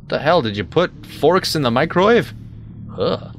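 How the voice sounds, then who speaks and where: Animated man rambling over gameplay. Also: fairly high pitch, moderate pace, vocal fry, long pauses, faint music behind. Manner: rambling, self-mocking, lots of sudden yelps. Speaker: let's play host. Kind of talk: casual gameplay commentary.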